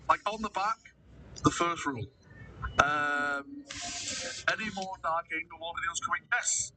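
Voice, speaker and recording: A man's voice: fairly high pitch, a little slow, long pauses, sharp tone, far from the mic, slight background noise, rough recording. A man chatting casually on a livestream, answering viewers, calling them mate and swearing freely. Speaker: livestreamer reading chat.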